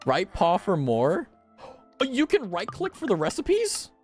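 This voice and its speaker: A man's voice: sits high, huge pitch swings, unhurried, faint music behind. Playful male game streamer with a sing-song, up-and-down delivery and frequent giggles. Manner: playful, giggly, reads menu items aloud. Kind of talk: casual gameplay commentary.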